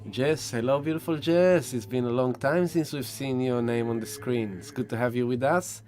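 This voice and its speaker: A man hosting a spiritual live stream, greeting viewers one by one with effusive, gentle warmth. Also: mid-range voice. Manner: warm effusive greetings, slow and soft-spoken. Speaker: spiritual livestream host.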